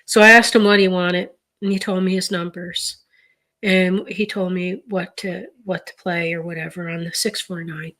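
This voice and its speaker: A woman's voice: fairly low pitch, fairly even intonation, normal speed, a bit bright. A middle-aged woman from Canada's East Coast, chatting casually through a grocery haul and rambling stories with many fillers and restarts. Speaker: vlogger showing a grocery haul. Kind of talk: casual chat.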